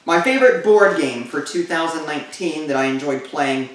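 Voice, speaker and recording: A man's voice: on the high side, moderate pace. A man hosting a casual chat, rambling with lots of fillers and restarts. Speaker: host. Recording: echoey room, mic far off.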